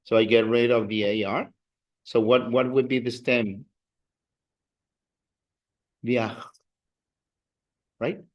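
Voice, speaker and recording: Guy teaching in a classroom, slow and patient, mid voice. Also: medium pitch, little pitch movement, highs cut off. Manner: slow, patient, drills students with call-and-response. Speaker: Spanish teacher. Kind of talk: classroom lesson.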